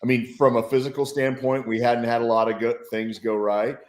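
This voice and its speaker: A man's voice: medium pitch, level tone, fairly quick, a little hiss or hum. A man appearing as a guest football analyst, talking through plays in an enthusiastic, reflective way. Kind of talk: casual sports talk. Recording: roomy, echoey sound.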